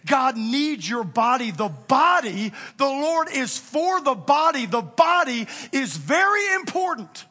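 A male pastor preaching a sermon with fervent emphasis, swinging from near-shouts to hushed, quiet appeals. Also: very high-pitched, sing-song, slow, few pauses, husky.

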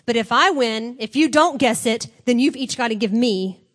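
A woman's voice: fairly high pitch, normal speed, fairly bright tone. A woman voicing a boastful young male strongman in a retold story, sounding offhand and cocky.

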